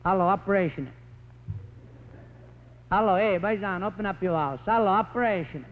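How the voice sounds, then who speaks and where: A man voicing a fractured-English immigrant father who shouts into a telephone. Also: high voice, normal speed, close to an everyday voice. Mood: exasperated. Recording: tinny 1950s broadcast recording, faint hiss.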